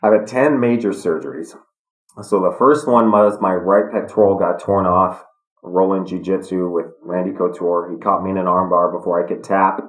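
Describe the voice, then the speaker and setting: Calm low-voiced man in an echoey room. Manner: calm, measured, reflective. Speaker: guest, retired fighter. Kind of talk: storytelling in a podcast interview.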